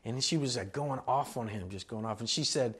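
A man's voice: medium pitch, a little fast, a bit bright, breathy edge. Earnest conversational male pastor. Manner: conversational, earnest, builds to emphatic exhortations. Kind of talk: sermon.

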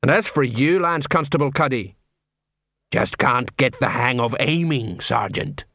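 A man's voice: medium pitch, animated, unhurried, a bit bright, dry recording, clean studio sound. A man voicing a weary, put-upon older male watch sergeant who hesitates and grumbles. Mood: grumbling.

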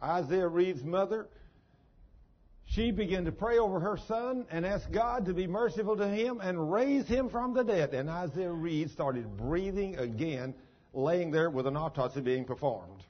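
A preacher tells a story during a sermon in a folksy, emphatic, expressive way, speaking a little slowly. His voice sits high with a husky grain, and the recording sounds dull and muffled.

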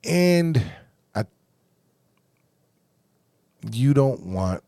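A man in his forties hosting a casual podcast chat, his voice gravelly and full of pitch swings. He talks bluntly and with plenty of profanity, often sinking into a low mutter. The sound is dry and close. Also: sing-song, extremely slow, warm tone, no room sound. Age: 40s. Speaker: podcast host.

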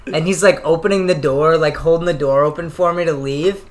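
A man's voice: a little high, steady tone, normal speed. A man telling a rambling story in casual chat, laughing often and filling his speech with "like".

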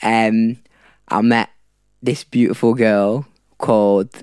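Young man, low voice, from South Africa, rambling casual storytelling, dry close sound. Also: little pitch movement, slow, a little mellow, clear, resonant tone, dry recording. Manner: rambling, with fillers and laughs. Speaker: podcast guest.

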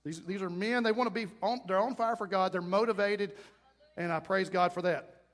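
A middle-aged male pastor preaching an emphatic, folksy sermon, swinging between loud calls and quiet asides. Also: high voice, fairly even intonation, normal speed. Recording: long hall reverb.

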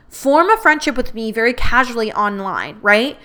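Young adult woman, casual podcast storyteller, candid and expressive, slightly high pitch. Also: normal speed, hardly any pauses. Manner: candid and expressive, swears freely, quotes others in her own voice. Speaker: podcast host.

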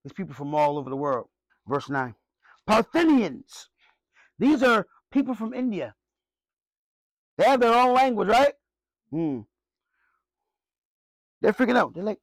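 A man preaching with a notably high voice, rising into loud bursts and then dropping to low, quiet asides. He keeps asking the congregation questions. The sound is dry, with no room echo. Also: very animated, measured pace, pauses often. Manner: emphatic preaching with call-and-response questions. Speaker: pastor. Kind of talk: sermon.

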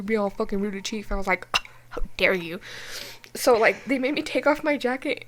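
A woman's voice: a little high, fast. Young woman swearing through a story. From New Mexico. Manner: animated, swears often, many fillers. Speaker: podcast co-host. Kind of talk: casual storytelling chat.

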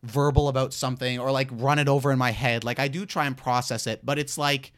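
A young man co-hosting a casual podcast, reflecting out loud in hesitant, searching phrases. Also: mid-range voice, steady tone, fairly quick. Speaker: podcast co-host. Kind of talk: casual chat.

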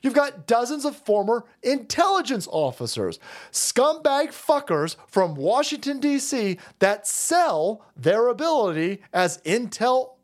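A man's voice: very high voice, very animated, unhurried. A man hosting a political commentary stream, ranting in a foul-mouthed, sarcastic, mocking way. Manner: swings into exaggerated mocking voices. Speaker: stream host.

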